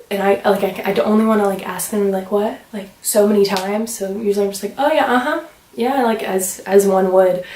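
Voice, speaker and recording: Fast-talking young American woman vlogging. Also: mid-range voice, darkish tone, far from the mic. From United States. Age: young adult. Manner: fast, rambling, lots of "like" fillers. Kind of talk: casual vlog chat. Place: room at home. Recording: roomy sound from away from the mic.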